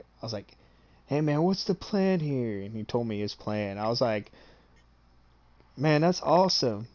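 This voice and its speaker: A man with a somewhat low voice tells a story in a loose, chatty way. He swears freely and sounds pleased with himself. He keeps checking in with his listener as he goes. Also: a little mellow. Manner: boastful and amused. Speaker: streamer. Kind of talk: casual storytelling.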